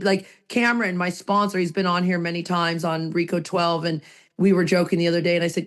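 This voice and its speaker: A woman's voice: lowish voice, fairly even intonation, fairly quick. A woman co-hosting a recovery podcast, talking in an emphatic, heartfelt way and repeating her phrases for weight. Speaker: podcast co-host.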